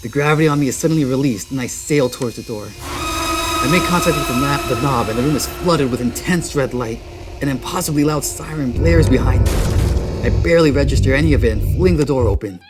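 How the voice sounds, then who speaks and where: Man, excitable gamer, dramatic reading, startled outbursts, loud game music underneath. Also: medium pitch, fairly quick. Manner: excitable, frequent startled exclamations; reads narration dramatically. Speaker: gaming video host. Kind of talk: let's play, reading game text aloud. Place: garage at night.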